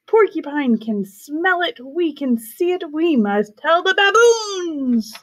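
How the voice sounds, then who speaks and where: A woman voicing an alert herd of zebras in a storybook with a bright sing-song voice. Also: high voice, very animated, slow, voice pushed up, exaggerated voice.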